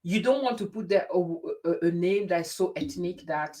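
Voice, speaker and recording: A woman hosting a casual conversation, telling stories in an animated way and often restarting her sentences. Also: fairly low pitch, moderate pace, slight background noise. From grew up in France. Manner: animated storyteller with frequent restarts. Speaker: host. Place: lives in the UK.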